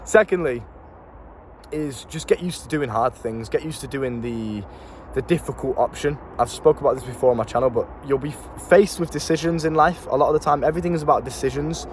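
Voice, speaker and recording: A young man with a medium-pitched voice talks fairly quickly to the camera outdoors in town, coaching on self-improvement. He's blunt and slangy, swears, and repeats words, with faint street noise in the background.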